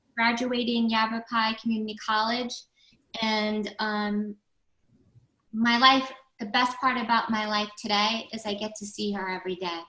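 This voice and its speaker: Brief: middle-aged woman guest, blunt animated storyteller, bright higher voice, echoey room. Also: normal speed. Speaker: guest, recovery center founder. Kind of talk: casual podcast interview.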